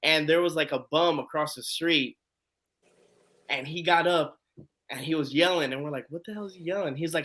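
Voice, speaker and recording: A man with a bright, fairly high voice hosts a live online chat. He tells a long story casually and acts out the lines of the people in it. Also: moderate pace. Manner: animated storyteller acting out quotes. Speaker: host.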